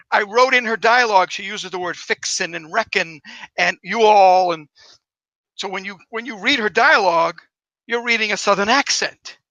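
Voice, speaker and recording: A male author guest who tells stories in a rambling, enthusiastic way. His voice is gravelly and sharply bright. It sounds dry and close. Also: high-pitched, no echo, poor audio. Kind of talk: casual interview.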